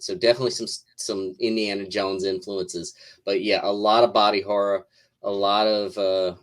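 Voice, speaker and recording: A man who is a comic writer, chatting casually as a guest in an interview, wry and joking, with lots of restarts. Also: on the low side.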